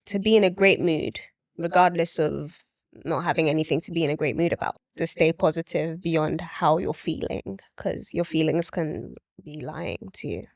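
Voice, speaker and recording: A young adult actress speaking as an interview guest in casual chat, expressive and quick to laugh. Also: female voice, low-pitched, gravelly, no room sound. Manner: expressive, laughs often, lively storytelling.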